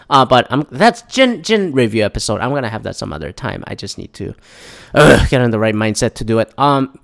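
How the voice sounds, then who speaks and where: A man's voice: medium pitch, fairly bright tone. A man hosting a casual solo podcast, rambling and sarcastic, swearing freely and restarting his sentences. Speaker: podcast host.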